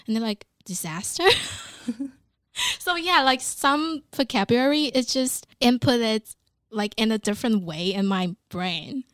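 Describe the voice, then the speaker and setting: A woman's voice: on the high side, measured pace, a bit bright, dry recording, studio quality. A woman with a Taiwanese accent and native Mandarin, chatting on a podcast in English and telling stories with lots of "like" fillers. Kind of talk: casual podcast chat.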